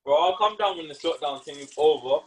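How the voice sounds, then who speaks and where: A young man co-hosting a casual podcast chat, teasing and joking with loud laughs. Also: fairly high pitch, brisk, breathy edge. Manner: teasing, jokey, laughs loudly. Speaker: podcast co-host.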